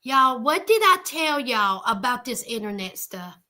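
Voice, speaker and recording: A woman hosting a livestream, chatting casually with viewers and calling them by name, animated and exclaiming. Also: a little high, measured pace. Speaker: livestream host. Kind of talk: casual commentary chat with viewers.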